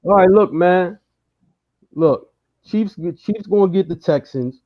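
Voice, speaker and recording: A man's voice: sits high, slow, lo-fi sound. A man on a casual sports podcast trash-talking a rival team in a cocky, profane way.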